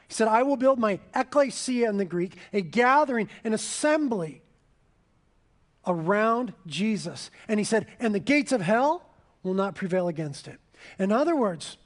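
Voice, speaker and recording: High-voiced pastor preaching with dramatic swings. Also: male voice. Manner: dramatic swings between loud proclamation and hushed intensity; slows to stress key phrases. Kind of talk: sermon.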